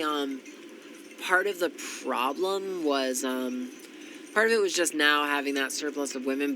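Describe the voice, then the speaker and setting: A man's voice: a little high, sharp tone, a little hiss or hum, poor audio. A congested, tired man giving casual gameplay commentary, thinking aloud with frequent ums. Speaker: strategy game commentator.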